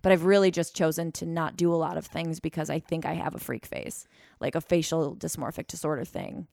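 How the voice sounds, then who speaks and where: A woman's voice: deep voice, steady tone, brisk, vocal fry, darkish tone, no echo. A young woman hosting a podcast, talking in a rambling, self-deprecating way in casual chat. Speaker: podcast host.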